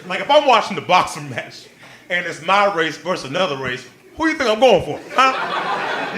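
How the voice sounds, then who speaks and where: A male stand-up comedian performing a live set on a club stage, excitable and playful, working the crowd and leaping into squealing quoted voices. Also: high-pitched, moderate pace. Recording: live club recording with crowd laughter and noise.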